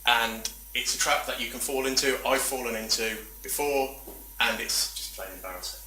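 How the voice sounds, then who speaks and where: A man's voice: medium pitch, moderate pace, sharp tone, slight background noise. A man giving a chatty, self-deprecating talk at a meetup, full of rambling asides. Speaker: conference speaker. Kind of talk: presentation talk. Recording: echoey room from far off.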